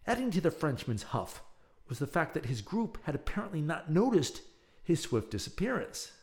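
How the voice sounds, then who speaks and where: A male podcast host chatting and reading a serialized story aloud, with chatty asides. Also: mid-range voice. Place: home, near an open window.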